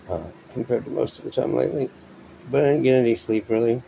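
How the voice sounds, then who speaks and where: A man rambling through a morning monologue, short of breath and exhausted, talking in a weary, halting way with many pauses and fillers. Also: medium pitch, gravelly, dark tone, slight background noise, low-quality recording. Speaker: vlogger. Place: at home indoors. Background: electric fan running.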